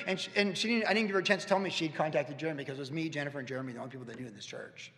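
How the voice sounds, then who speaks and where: A man in his fifties preaching a heartfelt, storytelling sermon, his voice gravelly and a little higher than most. He talks with sincere pauses and restarts. The sound carries the long echo of a church hall. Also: a bit bright. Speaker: pastor. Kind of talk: conversational sermon. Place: church sanctuary.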